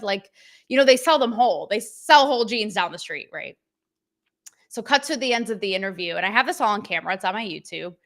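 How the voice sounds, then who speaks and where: A woman's voice: mid-range voice, lively intonation, fairly quick, a bit bright. A woman hosting a livestream show, talking bluntly and sarcastically to her chat. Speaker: show host.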